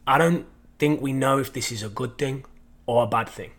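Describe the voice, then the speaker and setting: A man voicing a calm, wise father in a spoken parable, speaking in a measured way. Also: mid-range voice, natural voice. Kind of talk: storytelling.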